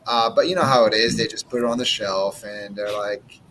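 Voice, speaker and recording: A man's voice: on the low side, fairly even intonation, moderate pace, fairly bright tone, a little hiss or hum, low-quality recording. A man in his forties, a cigar brand owner and podcast guest, talking in a blunt, casual way, swearing freely and acting out what he says to customers. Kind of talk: casual chat.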